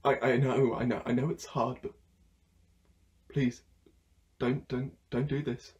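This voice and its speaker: A young male food courier on a phone call stammers and trips over his words, as a student actor plays him. His voice is fairly high yet mellow and dark in tone, and it swings from pleading to sudden fury. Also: animated, normal speed, natural voice. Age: young adult. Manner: stammering, pleading, bursts of anger. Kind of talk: theatre monologue performed online.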